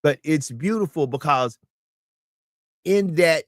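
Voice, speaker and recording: A man's voice: on the high side, animated, takes it slowly, no echo. Guy on a talk show, preachy and emphatic, keeps repeating himself, dry sound. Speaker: guest. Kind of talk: casual talk show chat.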